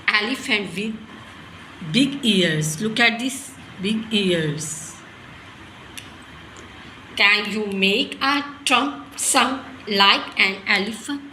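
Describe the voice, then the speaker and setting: A woman's voice: mid-range voice, drawn-out words, long pauses, pushed and bright. A woman teaching animals to small children, in simple sentences with lots of questions. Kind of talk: kids' lesson, talking to toddlers. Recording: echoey room with faint noise.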